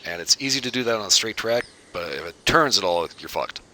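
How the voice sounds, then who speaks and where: Deep-voiced streamer, loose and crude. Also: male voice, lively intonation, brisk, sharp tone, a little hiss or hum. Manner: crude, rambling, bemused. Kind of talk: casual gameplay commentary.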